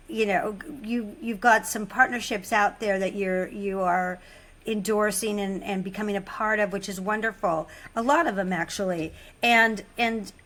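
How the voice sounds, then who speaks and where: A woman hosting a care podcast, talking in an animated, emphatic way and restarting her sentences often. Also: mid-range voice. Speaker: podcast host. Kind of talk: conversational interview.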